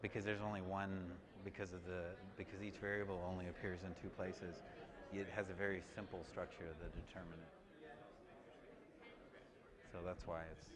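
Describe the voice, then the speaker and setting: A man giving a university lecture, halting, with many restarts and fillers. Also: low voice. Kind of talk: classroom lecture. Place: large lecture hall. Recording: reverberant lecture hall, faint noise.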